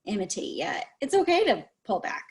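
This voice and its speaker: A woman's voice: a little high, very animated, normal speed. A woman giving practical advice in an easygoing, encouraging way over a video call, laughing easily. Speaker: speech-language advisor. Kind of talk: casual advice chat.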